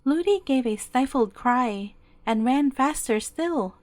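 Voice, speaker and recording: A woman with a high voice reads a fairy tale aloud at bedtime, gentle and steady. The sound is dry and close, with no room around it. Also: slow pace, no room sound. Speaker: storyteller. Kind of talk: bedtime story narration.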